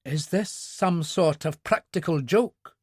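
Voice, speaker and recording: A man's voice: fairly high pitch, takes it slowly, husky, dry recording, studio quality. A man voicing a stiff, indignant British intelligence official with a prickly manner.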